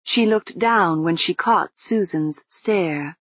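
A woman with a low, husky voice narrating an audiobook in an even, measured way. The recording is dry and close, with a slightly dull, lo-fi sound. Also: no echo.

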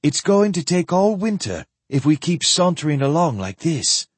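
A man voicing a weary, crisp-spoken woman. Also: medium pitch, expressive, measured pace, darkish tone, no room sound. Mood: brisk. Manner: crisp and clipped. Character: weary, stern, sharp-tongued woman traveler.

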